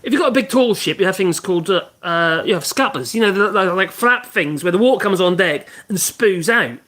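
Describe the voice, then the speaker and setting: While working on a casual woodworking livestream, a man rambles and hums to himself. He speaks a little fast in a high, expressive voice with a bright, forceful tone.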